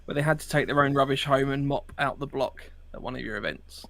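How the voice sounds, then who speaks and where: A man's voice: medium pitch, fast talker, vocal fry, bright, forceful tone, no echo. A man co-hosting a podcast, reading out listener questions in an easygoing way. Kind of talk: casual chat.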